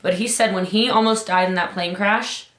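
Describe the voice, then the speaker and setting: Emphatic woman coach with a bright voice. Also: fairly even intonation, moderate pace, roomy sound. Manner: emphatic, urgent, rises high on key points. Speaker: business coach. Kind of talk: motivational talk.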